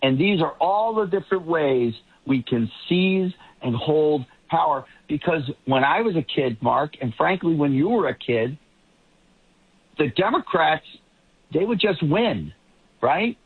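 A man comments as a guest on a political talk show. He rambles and often starts his sentences over. His voice is a little high and husky, and it comes through a tinny, phone-like line. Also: animated, a little slow.

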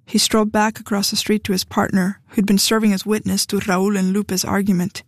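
A woman's voice: mid-range voice, level tone, a little fast, no room sound. A woman narrating an audiobook, reading the dialogue with light shifts for each character. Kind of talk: scripted narration.

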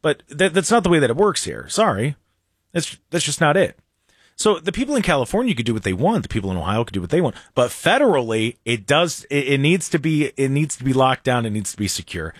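A male talk radio host in a studio, giving opinions in an animated, sarcastic way. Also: mid-range voice, a little fast, no echo. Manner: animated, sarcastic, mocks others in silly voices. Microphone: studio microphone.

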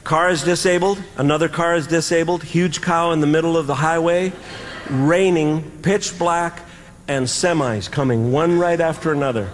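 A man doing stand-up storytelling, animated, with drawn-out pauses and sound effects, recorded live in a large hall. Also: on the high side, slight background noise. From American Midwest farm country. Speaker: stand-up comedian. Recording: live hall reverb with faint ambience.

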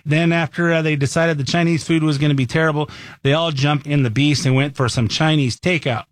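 A man's voice: on the high side, brisk, no echo, studio quality. A man hosting a talk show, giving opinionated news commentary in a folksy, storytelling way. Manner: folksy, animated storyteller who voices quotes.

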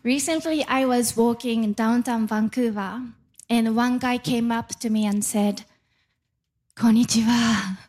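A young woman with a Japanese accent performing a stand-up comedy set on stage, with a deadpan, deliberate delivery. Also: on the high side, slight background noise. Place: comedy club stage before a laughing audience.

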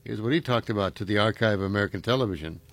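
A man's voice: lowish voice, rapid-fire, dry recording. A man hosting a radio show, talking casually with many fillers. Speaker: radio host.

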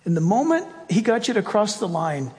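A man's voice: sits high, very animated, normal speed, darkish tone. A male pastor preaching emphatically and praying fervently. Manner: emphatic, rising to fervent prayer. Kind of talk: sermon and prayer. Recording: long hall reverb, faint music.

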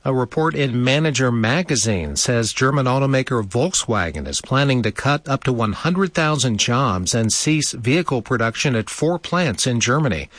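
A man reading a national news bulletin as a newscaster in a measured, even way from a studio. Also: medium pitch, no room sound.

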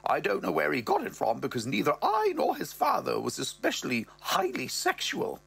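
A man voicing a vain, posh older woman in a haughty, theatrical falsetto. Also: huge pitch swings, moderate pace, gravelly, a bit bright, breathy edge, exaggerated voice.

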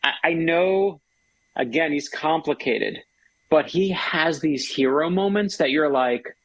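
A man's voice: fairly high pitch, lively intonation, a little slow, no echo, poor audio. A man, an author guest, telling stories with enthusiasm in a casual conversation. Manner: enthusiastic, storytelling.

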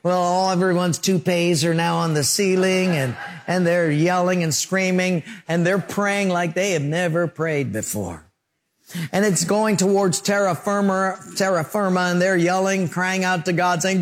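Male pastor, sermon delivery, lightly high-pitched, animated storyteller. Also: normal speed. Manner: storytelling preacher, acts out scenes and sound effects.

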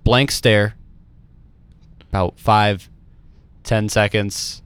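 A man's voice: on the low side, moderate pace, dry recording. Chatty man telling stories on a podcast. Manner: animated storyteller who acts out quoted voices; filler-heavy, uses "like" constantly. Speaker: podcast co-host. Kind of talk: casual chat.

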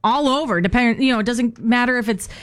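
A woman co-hosting a casual chat, teasing her partner and telling animated stories. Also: a little high, a little fast.

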